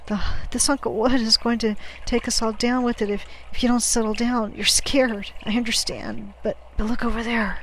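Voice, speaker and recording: A woman voicing a gruff but kindly older male sailor who coaxes and soothes, stammering now and then, in a storybook reading. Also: on the high side, fairly even intonation, normal speed, hardly any pauses, slight background noise, lightly acted, low-quality recording. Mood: coaxing.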